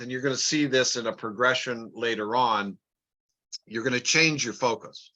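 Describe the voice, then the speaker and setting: A man's voice: on the low side, bright, forceful tone, muffled recording. A man explaining a business plan chart step by step, plain and repetitive, often restarting words. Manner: plain, repeats words, talks through numbers step by step. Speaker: business trainer.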